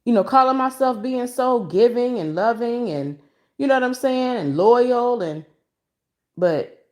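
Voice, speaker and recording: A woman from Michigan hosting a casual livestream from home, talking to viewers on a phone she holds as she walks around, emotional and expressive with a preachy streak. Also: a little high, a little slow. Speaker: livestream host. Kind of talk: casual livestream commentary to a chat. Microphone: phone held in hand.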